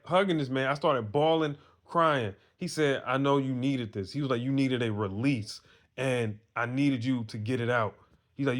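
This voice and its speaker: A man's voice: medium pitch, a bit bright. Earnest man preaching to other men. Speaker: vlogger giving advice to men. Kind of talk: casual storytelling monologue.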